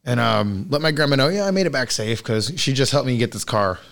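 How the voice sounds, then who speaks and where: Young man, relaxed storyteller, casual swearing, easygoing chat. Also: mid-range voice, a little fast, gravelly.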